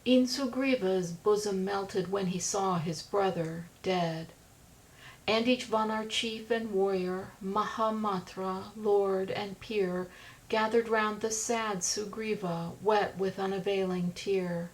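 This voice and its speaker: A woman narrating an audiobook, reciting epic verse with a steady rhythm. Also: mid-range voice, slow, low-quality recording. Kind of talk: reading epic verse aloud.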